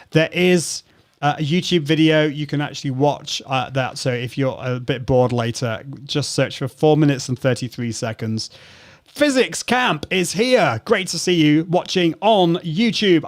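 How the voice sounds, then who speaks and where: A man hosting a live video show, chatting casually as he demonstrates audio settings and reads out viewer comments. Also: a little high. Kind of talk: live-stream audio demo with chat.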